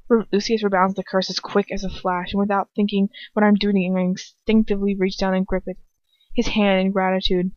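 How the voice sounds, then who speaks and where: A woman's voice: mid-range voice, level tone, normal speed, no echo. Giggly woman reading a story aloud. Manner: giggly, breaks off to comment and laugh. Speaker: fan fiction reader. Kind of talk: casual story reading with asides. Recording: dull dry lo-fi home recording.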